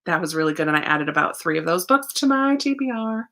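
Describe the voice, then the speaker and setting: A young adult woman hosting a casual livestream, chatting warmly and reading out viewer comments, laughing often. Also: fairly low pitch, lively intonation, fast talker. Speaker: livestream host.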